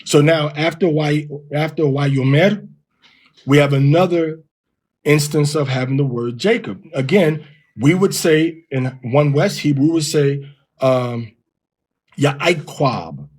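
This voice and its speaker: A middle-aged man teaching Hebrew pronunciation, explaining patiently and repeating words slowly to demonstrate sounds. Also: on the high side, darkish tone, breathy edge. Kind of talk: Bible Hebrew pronunciation lesson.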